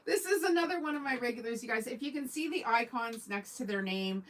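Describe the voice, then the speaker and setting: A woman's voice: on the high side, lively intonation, moderate pace, pauses often, noisy background. A woman from Canada, hosting a casual sewing livestream, chatting in a rambling way and answering viewers' comments. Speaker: sewing channel host.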